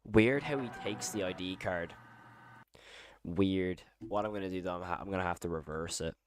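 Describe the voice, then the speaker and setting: A man's voice: sits low, normal speed, noisy background. A man hosting a casual live horror reaction stream, thinking aloud, rambling and repeating phrases as he goes. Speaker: horror channel host.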